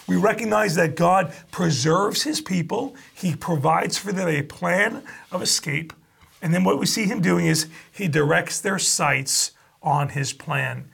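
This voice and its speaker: A man preaching a sermon, reading scripture aloud and retelling it with lively asides. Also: sits high, unhurried, creaky, slightly rough. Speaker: pastor.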